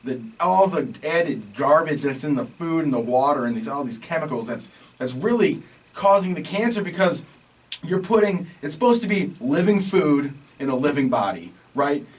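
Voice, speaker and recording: A man co-hosts a casual podcast and goes on emphatic, rambling rants. His voice is a bit high, and he is heard from some distance off the microphone. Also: expressive, moderate pace, husky. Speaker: podcast co-host.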